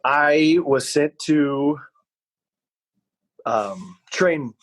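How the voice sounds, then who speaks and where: A man's voice: on the high side, extremely slow, dry recording, poor audio. Young guy telling a rambling story, does little voices for people, dry mic. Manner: rambling, animated anecdote with voiced quotes. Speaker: podcast co-host. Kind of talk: casual storytelling.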